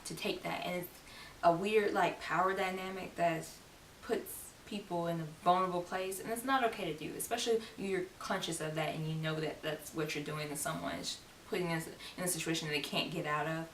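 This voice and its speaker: A woman's voice: fairly low pitch, fairly even intonation, a little fast. A young woman vlogging in a casual, chatty way, with laughing asides and quoted lines acted out. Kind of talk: casual talk to camera. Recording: roomy echo, distant mic, faint hiss.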